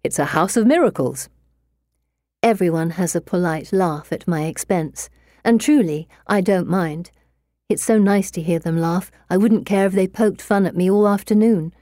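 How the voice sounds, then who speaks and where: Mellow woman narrating a novel. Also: fairly low pitch, normal speed, no echo, clean studio sound. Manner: expressive, bitter and wry. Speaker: audiobook narrator. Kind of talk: first-person novel narration.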